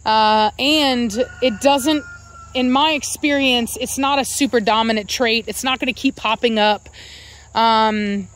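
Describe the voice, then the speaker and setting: A woman's voice: unhurried, fairly bright tone. Rambling woman among her dogs. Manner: rambling, self-correcting, calls out to her dogs in a high coaxing voice. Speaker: dog breeder and channel host. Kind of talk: casual vlog talk to viewers.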